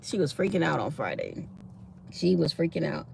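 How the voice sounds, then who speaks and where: Chatty woman with a gravelly voice. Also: sits low, moderate pace, slight background noise. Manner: chatty, animated storytelling. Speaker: vlogger. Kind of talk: casual morning chat.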